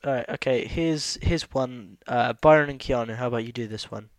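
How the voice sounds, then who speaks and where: A man's voice: mid-range voice, a little fast. A man hosting a podcast in casual chat over a voice call. He laughs often and restarts his sentences. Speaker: podcast host.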